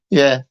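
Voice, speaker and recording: A man hosting a livestream, chatting casually and playfully with viewers, laughing often and rambling between topics. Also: high-pitched. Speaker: livestream host. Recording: muffled lo-fi livestream audio.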